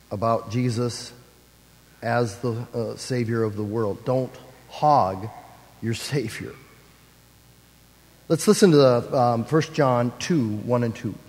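Pastor guy preaching real slow, big echoey church sound. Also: mid-range voice, a little mellow. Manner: measured preaching with slow deliberate phrasing. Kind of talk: sermon.

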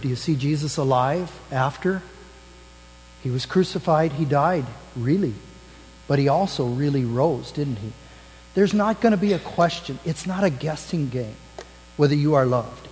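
A man as pastor giving the children's message in church, gently asking the kids questions. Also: a little high, big-room sound, a little hiss or hum, poor audio. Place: church sanctuary.

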